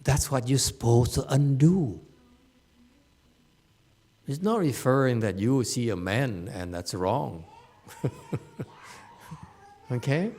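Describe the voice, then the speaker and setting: A man teaching meditation students in an informal Dharma lecture. He takes his time, speaking slowly with a mid-range voice, and keeps it chatty with frequent laughter and repeated words. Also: mid-range voice, expressive, a little mellow. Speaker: Buddhist teacher giving a Dharma talk. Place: meditation hall.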